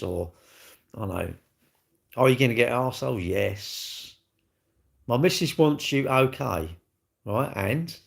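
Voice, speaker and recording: A middle-aged man rambles cheerfully through a casual livestream, reading out viewers' comments and firing back blunt, cheeky answers. His voice has a rough, gravelly edge, and his pitch sits in an ordinary middle range for a man. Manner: chatty, bantering, reads viewer comments aloud and answers them. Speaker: livestream host.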